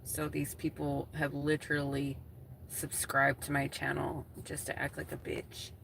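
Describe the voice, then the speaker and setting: Slow, gravelly-voiced woman chatting from her car. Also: sits low, completely flat delivery, a bit bright, a little hiss or hum. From Wisconsin, USA. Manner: blunt, swears freely, talks to her chat and laughs often. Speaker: gig-work streamer. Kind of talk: casual livestream chat while driving.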